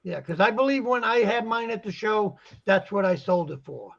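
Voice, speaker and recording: Guest dealer: high, gravelly male voice, rambling storyteller, muffled recording. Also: animated, moderate pace, fairly bright tone. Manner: rambling, acts out quoted conversations. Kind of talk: casual chat. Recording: muffled lo-fi audio.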